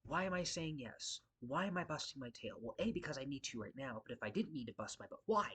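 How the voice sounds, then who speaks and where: A man's voice: mid-range voice, sing-song, fast, a bit bright, husky. Frustrated security guy ranting to his channel, swears a lot, rambles and circles back. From Las Vegas area. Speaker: security guard vlogger. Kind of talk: casual ranting vlog.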